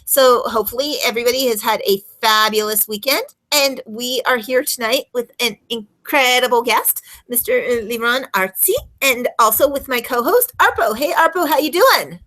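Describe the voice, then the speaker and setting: A woman hosting an interview show, halting and filling pauses with uh. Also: a little high, pushed and bright, low-quality recording. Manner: halting, with many fillers. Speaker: show host.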